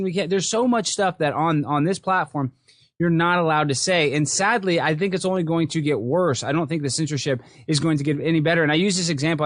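Man, podcast host, rapid-fire, bit high, dry close sound, animated. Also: no room sound. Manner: animated, excitable, mocking. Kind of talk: casual political chat.

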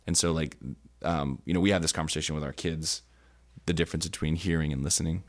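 A man's voice: very deep voice, fairly even intonation, quick pace. A man co-hosting a church podcast, teaching earnestly on scripture in casual talk, searching for words with many fillers. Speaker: podcast co-host. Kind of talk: conversational Bible teaching. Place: indoor podcast studio.

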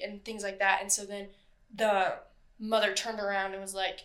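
A woman's voice: medium pitch, steady tone, normal speed, fairly bright tone. A woman co-hosting a podcast, telling a true crime story in casual, chatty talk, swearing freely and acting out what people said. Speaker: podcast co-host.

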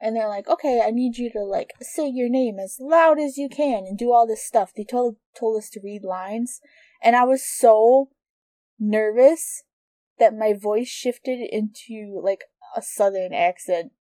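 A woman's voice: a little high, a little slow, warm tone, dry recording. A young woman co-hosting a podcast, telling a rambling story in casual chat with frequent giggles. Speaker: podcast co-host.

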